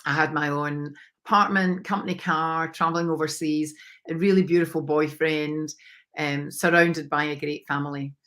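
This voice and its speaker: A woman's voice: sits low, fairly even intonation, normal speed, a bit bright. A woman with a Scottish accent, a podcast guest candidly telling a personal story, with hesitant fillers. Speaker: podcast guest, mindset coach.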